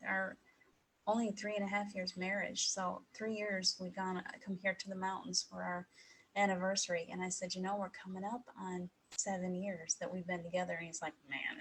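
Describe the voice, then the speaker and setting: A middle-aged woman giving a heartfelt personal talk to an audience, emotional and pausing, with soft laughs. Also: medium pitch, slightly rough, rough recording. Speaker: speaker at an evening talk.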